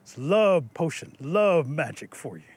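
A man voicing a little grumpy male mole who is sleepy but wise, in a low, hushed, drawn-out way. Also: sing-song, husky, no room sound, exaggerated voice. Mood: scheming.

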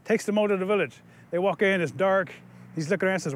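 A man telling a traditional story in a lively, playful way with asides to listeners. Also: sits high, quick pace.

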